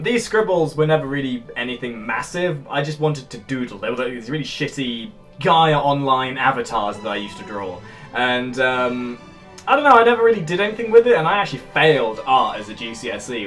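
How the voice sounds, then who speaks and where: A lively young English man who talks with a posh, upper-class sounding English accent, answering his viewers' comments in a jokey casual vlog. His voice sits fairly high for a man and swings widely in pitch, sometimes bursting into loud shouts. Faint music plays behind him. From England. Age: young adult.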